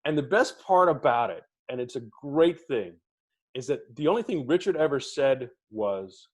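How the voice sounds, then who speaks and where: A man's voice: mid-range voice, normal speed. A middle-aged man, a podcast co-host, telling theatre stories in casual talk and acting out the people he quotes. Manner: animated anecdotes, acting out quoted voices. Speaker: podcast co-host being interviewed. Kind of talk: casual storytelling.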